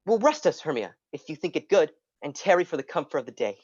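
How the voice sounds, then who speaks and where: A woman's voice: low-pitched, big pitch swings, fast talker, a little mellow, no room sound, dull audio. A woman playing the young lover Lysander, speaking verse earnestly in a community theatre reading. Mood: ardent. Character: young Athenian lover Lysander, ardent man.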